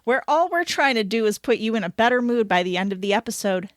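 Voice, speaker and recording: Woman co-host, chatty, rambling, fairly high voice, dry close sound. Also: lively intonation, dry recording. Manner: chatty, rambling, quick to laugh. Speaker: podcast co-host. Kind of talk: casual chat.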